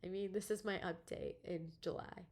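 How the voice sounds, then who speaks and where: A young woman talks straight to camera in a personal video diary. She is close to tears but keeps laughing nervously between her words. Her voice sits at an ordinary, middling pitch and is full of ums and likes. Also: steady tone, moderate pace, darkish tone. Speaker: vlogger.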